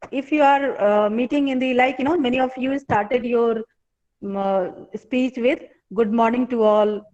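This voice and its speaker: A woman with an Indian English accent teaching an online class as a professor, speaking haltingly with many fillers and repeated phrases. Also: fairly high pitch, darkish tone. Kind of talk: live online lecture. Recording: dull lo-fi online class audio.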